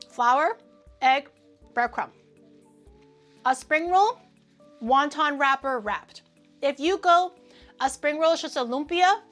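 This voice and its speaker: A woman hosting a casual livestream, talking to chat in an animated, ranting way and swearing freely. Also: high-pitched. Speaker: livestream host.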